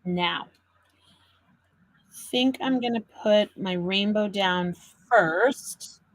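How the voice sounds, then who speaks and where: A woman hosting a live card-making demo, chatting with viewers and talking them through each step as an animated storyteller. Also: mid-range voice, very slow, dry recording, low-quality recording. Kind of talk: live crafting demo chat.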